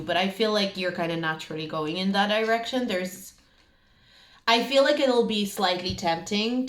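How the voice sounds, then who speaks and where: A woman's voice: medium pitch, reverberant. Chatty woman reading tarot cards. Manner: chatty, emphatic, many fillers. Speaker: tarot reader. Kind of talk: casual tarot reading to camera.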